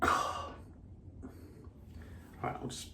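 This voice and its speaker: A man's voice: very slow, bright, forceful tone. Man, casual vlog, blunt, profane, rambling asides, echoey room. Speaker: vlogger.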